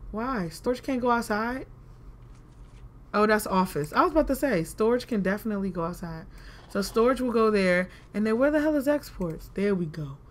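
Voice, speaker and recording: A woman giving casual let's-play commentary, chatty and talking to herself, with frustrated exclamations. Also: medium pitch. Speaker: gaming video creator.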